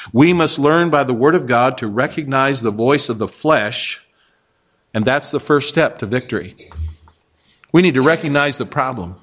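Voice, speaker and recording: Man, pastor, sermon, conversational, rhetorical questions, higher-pitched voice. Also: fairly bright tone. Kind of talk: expository sermon.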